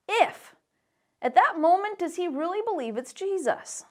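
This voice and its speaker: A woman teaching a children's Bible lesson in a church, animated and playful as she tells the story to the kids. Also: extremely high pitch, moderate pace.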